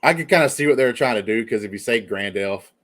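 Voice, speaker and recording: A man's voice: medium pitch, expressive, fast, fairly bright tone. A man hosting a casual TV review discussion, talking in a rambling way with lots of filler words. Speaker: podcast host.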